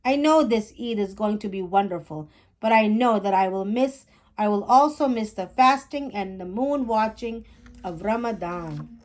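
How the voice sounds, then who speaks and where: A woman reading a children's picture book aloud in a gentle, clear storytelling manner, hosting her own storytime. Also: medium pitch, moderate pace. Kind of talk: children's read-aloud narration.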